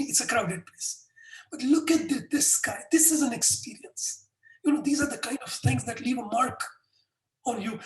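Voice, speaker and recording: Echoey, distant middle-aged man telling stories. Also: very high voice. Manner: animated anecdotes with frequent restarts. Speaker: guest. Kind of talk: conversational storytelling. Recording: echoey room, distant mic.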